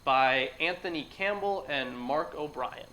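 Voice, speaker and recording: A man's voice: fairly high pitch, a little slow, sharp tone. A man co-hosting a casual group discussion, laid-back, laughing often and swearing offhandedly. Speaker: co-host.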